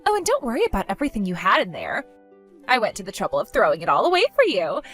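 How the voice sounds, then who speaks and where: A woman's voice: medium pitch, huge pitch swings, fast talker, fairly bright tone, faint music behind. A woman voicing a spoiled, vain young woman who gloats, insults and giggles in a text-story skit. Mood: taunting.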